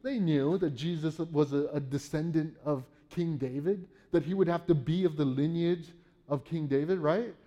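A man's voice: on the high side, normal speed, warm tone, dull audio. A man preaching a sermon, reading Bible verses and explaining them in a conversational way, often checking in with "right?". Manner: reads Bible verses aloud, then paraphrases them.

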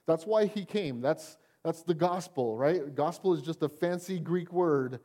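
A man's voice: fairly high pitch, unhurried, dark tone. A male pastor preaching a sermon in a church, talking conversationally and often asking the congregation "Amen?". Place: church sanctuary.

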